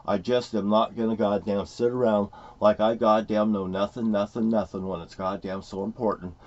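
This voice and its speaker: A man's voice: fairly low pitch, little pitch movement, normal speed, darkish tone. A middle-aged man in a heated, rambling, profane rant at his home, repeating his points. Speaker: vlogger. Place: at his home property by a motorhome. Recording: dull lo-fi recording.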